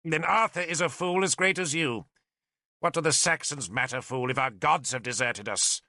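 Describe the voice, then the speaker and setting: A man's voice: a little high, moderate pace, bright, forceful tone, no echo, studio quality, voice pushed up. A man voicing an old male druid in an audiobook, imperious and sarcastic, with a stern, snapping delivery. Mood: scornful. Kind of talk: audiobook character voice.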